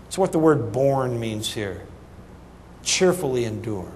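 A middle-aged man preaching a sermon, telling a humorous story in an animated, folksy way that swings between loud punchlines and soft asides. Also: mid-range voice, a little slow, a little hiss or hum. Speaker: pastor. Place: church sanctuary. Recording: reverberant church hall, faint ambience.

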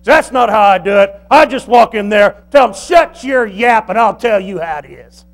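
A man preaching puts on the voice of a domineering father who shouts down his teenager. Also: sits high, moderate pace, voice pushed up, lightly acted. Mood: blustering. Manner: shouting, blustering. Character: domineering loud father silencing his teen.

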